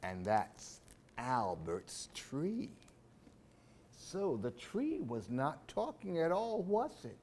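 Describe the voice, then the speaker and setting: Slow, expressive male storyteller. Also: medium pitch, gravelly, a little hiss or hum. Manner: expressive, sing-song. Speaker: storyteller for a library program. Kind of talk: reading picture books aloud.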